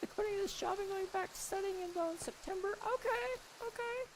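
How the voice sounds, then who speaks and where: A man streamer voicing a sweet, sour old lady in a high falsetto while chatting with viewers. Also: a little fast, a little hiss or hum, rough recording. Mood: chatty. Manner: chatty, apologetic, answers chat as he goes. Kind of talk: live stream chat.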